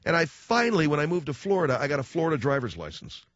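A man's voice: fairly high pitch, big pitch swings, fast, fairly bright tone, dry recording. A man hosting a talk radio show, telling stories with sarcasm and animation and taking calls. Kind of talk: talk radio monologue and call-in. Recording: dull, dry studio broadcast.

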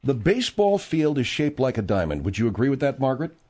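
A slightly hoarse male radio host, his voice a little thick in the throat, swinging widely between low grumbles and sharp indignant highs. He rambles in a blustery, mock-offended way on a studio microphone. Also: very animated, fast. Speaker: radio talk show host. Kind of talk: comic talk radio chat.

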